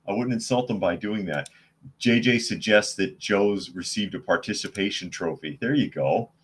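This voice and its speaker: A man's voice: on the low side, a bit bright, husky. A man hosting a live news podcast, reading viewer chat and commenting with sarcastic indignation. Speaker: podcast host.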